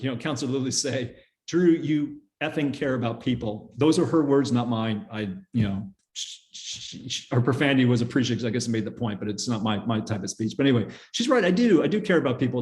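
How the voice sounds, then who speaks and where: A middle-aged man giving a casual lecture with slides, telling stories quickly with fillers and small laughs. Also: medium pitch, a little mellow. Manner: fast, chatty storytelling with fillers and laughs. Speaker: guest speaker teaching interview skills.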